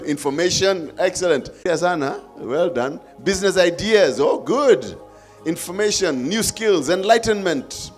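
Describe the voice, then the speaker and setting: A man with a Kenyan accent hosting a live forum, coaxing and playful with the audience. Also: a little high. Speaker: event host.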